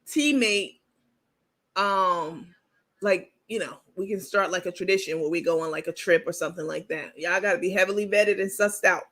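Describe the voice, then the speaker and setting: A woman's voice: medium pitch, moderate pace, fairly bright tone. A woman host talking casually and candidly to her viewers, calling them baby and y'all and bragging on herself. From New York.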